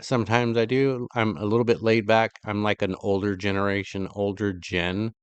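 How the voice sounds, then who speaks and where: A man's voice: on the low side, level tone, moderate pace, clean tone, no echo, highs cut off. A middle-aged man from California hosting a vlog, reacting to clips with rambling, sarcastic asides. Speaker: vlog host. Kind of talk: casual commentary reacting to clips.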